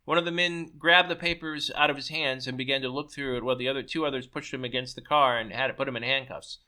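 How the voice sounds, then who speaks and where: A man reading his own story aloud in a brisk way, sometimes stumbling and restarting a word. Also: medium pitch, fairly even intonation, pushed and bright, smooth. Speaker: story reader.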